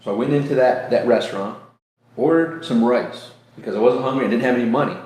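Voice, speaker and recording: A man's voice: medium pitch, quick pace, darkish tone. Earnest man telling a faith story, echoey room. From New York State. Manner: earnest storytelling with acted-out quotes. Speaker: host. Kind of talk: casual faith talk. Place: room near a beach. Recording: echoey room, faint ambience.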